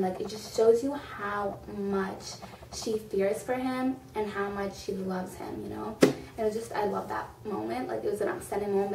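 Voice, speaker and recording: Young woman, excitable book reviewer, roomy echo, faint hiss. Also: medium pitch. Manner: gushing and excitable, full of "like" and "freaking out". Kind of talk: casual video book review. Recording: echoey room, far from the mic, faint noise.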